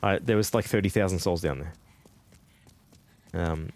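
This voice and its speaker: A man's voice: deep voice, normal speed, a little mellow. An Australian man streaming a game, chatting casually with viewers, rambling, laughing often and swearing freely. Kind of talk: casual live-stream chat while gaming.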